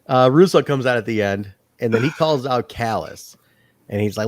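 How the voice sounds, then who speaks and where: Animated man chatting on a wrestling podcast. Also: medium pitch, moderate pace, no room sound, clean studio sound. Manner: animated, laughing, acts out quotes. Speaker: podcast co-host. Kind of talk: casual chat.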